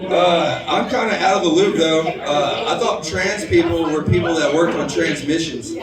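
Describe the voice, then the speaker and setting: A man works a bar crowd with a stand-up set, drifting from bit to bit with fillers and crude punchlines. His voice sits a little high and comes from some way off the mic. The room rings around him while the crowd murmurs and laughs behind. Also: moderate pace. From United States. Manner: loose, rambling delivery with filler words and crude punchlines. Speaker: stand-up comedian. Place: bar stage before a live audience. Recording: roomy bar recording from a distance, crowd heard.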